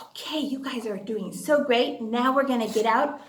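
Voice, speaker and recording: A woman's voice: fairly high pitch, moderate pace, echoey room. A woman teaching a children's phonics lesson in an exaggerated, cheerful, sing-song way, with gasps of delight.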